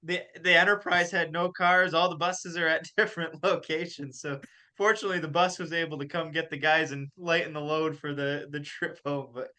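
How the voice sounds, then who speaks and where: Bright-voiced young man telling a story. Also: fairly high pitch, a little fast. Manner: animated, laughs through his stories. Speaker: podcast host and college golf coach. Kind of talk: casual storytelling chat.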